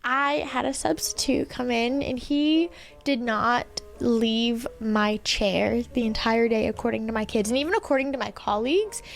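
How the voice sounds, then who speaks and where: A woman teacher telling an animated story from her classroom in casual chat, acting out the quotes. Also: a little high, normal speed, vocal fry, over music.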